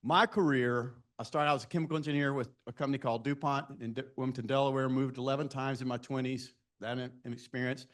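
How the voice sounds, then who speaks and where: A man's voice: mid-range voice, steady tone, fast talker, hardly any pauses. A man in his sixties speaking to students at a live event, telling self-deprecating career stories and asking the audience direct questions. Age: 60s. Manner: anecdotal, self-deprecating storytelling.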